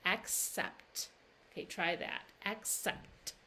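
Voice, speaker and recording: A woman teaching pronunciation in a live-streamed lesson, drawing words out slowly and breaking them into syllables. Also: medium pitch, a bit bright, a little hiss or hum. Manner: slow, drawn-out demonstrations of words, syllable by syllable. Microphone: livestream camera mic.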